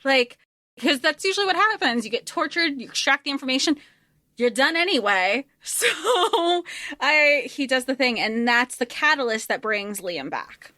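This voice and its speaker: Lively woman cohost, bright sharp voice, dry mic, acts out the quotes. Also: sits high, normal speed, no room sound. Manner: animated, acts out characters' lines in quotes. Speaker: podcast co-host. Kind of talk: casual book discussion.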